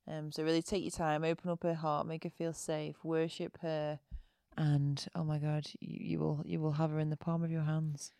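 Low-voiced woman chatting on a podcast, giggly and open, dry sound. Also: flat delivery, warm tone, dry recording. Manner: giggly, candid, drawn-out filler words. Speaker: podcast guest. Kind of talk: casual chat.

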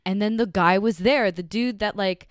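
A woman's voice: medium pitch, moderate pace, no room sound, clean studio sound. Swearing woman telling a dating story. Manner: swears a lot, animated retelling. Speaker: guest. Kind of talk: casual storytelling.

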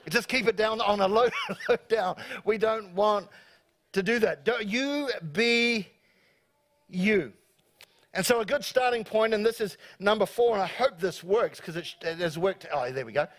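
A man with a New Zealand accent delivers a sermon to his congregation. His voice sits high, and he talks in an animated, joking way, slipping into quoted voices to make his points. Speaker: pastor. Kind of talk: live sermon. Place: church service before a congregation.

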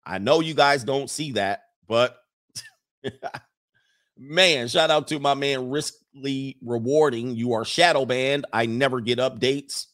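A man's voice: medium pitch, takes it slowly, fairly bright tone. A man hosting a casual livestream, reading viewer comments and rambling through blunt opinions with frequent laughs.

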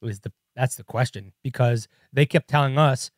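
A man's voice: mid-range voice, sing-song, normal speed, no echo, studio quality. A man co-hosting a podcast in casual chat, rambling in a laid-back way and saying "like" often. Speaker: podcast co-host. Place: podcast studio.

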